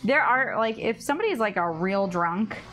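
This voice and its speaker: A woman's voice: mid-range voice, expressive, normal speed, fairly bright tone, faint music behind. A young woman bartender chatting casually on a cooking stream, telling rambling stories packed with "like". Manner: rambling, filler-heavy storytelling with lots of "like".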